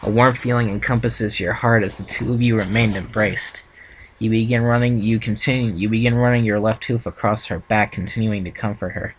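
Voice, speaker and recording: A man reading a second-person fan story aloud for a reaction video, steady with small restarts. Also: fairly low pitch, fairly quick, slight background noise, low-quality recording. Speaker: fan fiction reader.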